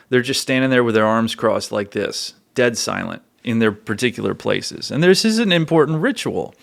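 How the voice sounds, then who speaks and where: A man in his forties hosting a podcast, telling stories in a casual way and turning animated and emphatic, with loud bursts. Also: medium pitch. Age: 40s. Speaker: podcast host.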